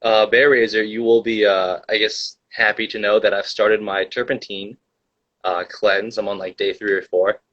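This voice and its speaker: A man's voice: lowish voice, flat delivery, moderate pace, highs cut off. A young man hosting a casual livestream, telling a rambling story full of fillers and reading the chat.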